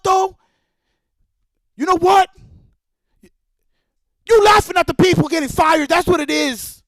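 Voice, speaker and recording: Heated, high-voiced man streamer ranting. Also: a bit bright, no echo. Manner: profane, heated and repetitive. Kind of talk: livestream rant.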